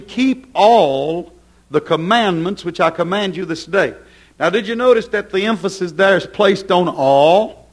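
A man's voice: sits high, expressive, measured pace. A man preaching a fervent sermon and reading scripture aloud, with rising and falling emphasis.

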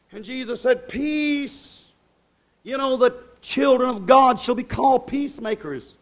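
A man preaching a sermon with a drawl, folksy and fervent, breaking into shouts and dropping to hushed asides. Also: very high voice. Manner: folksy rural speech, laughing at his own lines.

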